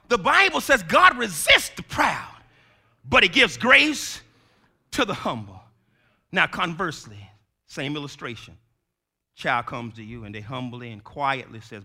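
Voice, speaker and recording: A male preacher giving a sermon in call-and-response style, swinging from shouts to hushed tones. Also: on the high side, big pitch swings, a little slow.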